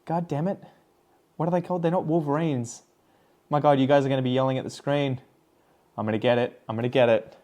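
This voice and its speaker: Rambling casually as he repots plants, a young Australian plant vlogger keeps up chatty commentary in an Australian accent, with the occasional swear word. He talks fast at a medium pitch, with a steady, darkish tone, and pauses often.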